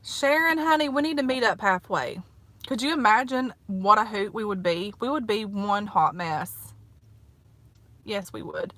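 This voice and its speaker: A Southern US vlogger in her thirties chats from her parked car in a casual eat-with-me video, her medium-pitched voice unhurried and a bit bright with no echo. She's folksy and chatty, sprinkling in plenty of "honey" and "like".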